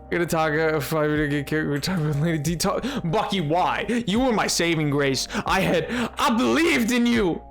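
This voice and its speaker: A live streamer playing a game, joking with chat in a loose, excitable way, jumping from loud outbursts to low mutters. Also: fairly quick, vocal fry, hardly any pauses, faint music behind. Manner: excitable, bantering with chat, jumping between yelling and mumbling. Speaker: livestreamer playing a video game. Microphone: desk mic.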